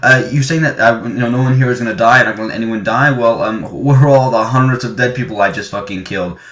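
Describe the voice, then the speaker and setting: Give me a man playing a sarcastic, gloating male villain, pitched up and loud, recorded muffled in an echoey room. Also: lightly acted. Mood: mocking. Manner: mocking, drawn-out sarcastic questions.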